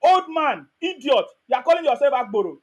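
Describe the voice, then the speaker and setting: An angry Nigerian man with a strikingly high voice rants at a caller on his live broadcast. He talks fast, stammers and repeats his insults over and over. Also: very animated, muffled recording. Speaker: online broadcast host. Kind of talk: heated live-stream argument.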